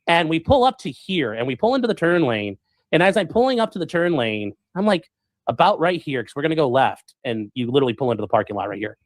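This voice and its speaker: A man chats to his live audience at a brisk clip, his voice bouncing up and down as the story tumbles out with plenty of fillers. His pitch sits a touch high for a man. The recording is dry and close, with no room echo. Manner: rambling, animated, full of fillers and acted-out quotes. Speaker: streamer telling a story. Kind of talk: casual storytelling to a live chat.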